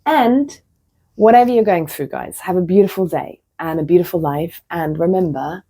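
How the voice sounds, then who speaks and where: Low husky woman musing to camera. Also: moderate pace. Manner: candid, self-mocking storytelling with soft drops into near-whispers. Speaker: vlogger. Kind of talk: casual reflective monologue.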